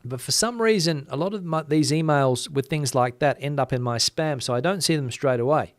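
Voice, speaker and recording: A man from Western Australia with a softened Australian accent, hosting a casual chat, reading out viewer comments and talking quickly with lots of fillers. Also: on the high side, no echo, studio quality. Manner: chatty, many fillers, talks fast. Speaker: channel host.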